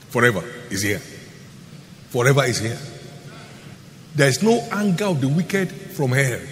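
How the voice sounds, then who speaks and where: A man giving a sermon as pastor, emphatic, repeating key phrases and swinging between loud declarations and hushed lines. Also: mid-range voice. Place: large church hall. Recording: long hall reverb, faint noise.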